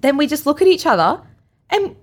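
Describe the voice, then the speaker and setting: A young Australian woman co-hosting a podcast, telling a story in casual chat and acting out quotes with big leaps in pitch and frequent laughs. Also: fast. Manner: animated, acts out quotes with big jumps in pitch, laughs often. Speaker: podcast co-host.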